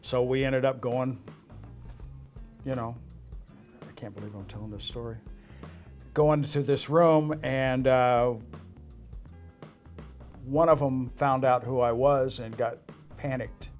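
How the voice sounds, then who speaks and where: A man's voice: medium pitch, fairly even intonation, slow, long pauses, a little mellow, faint music behind. An older man, a former casino dealer from Las Vegas, telling rambling anecdotes in an interview, with frequent filler uhs. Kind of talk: storytelling interview.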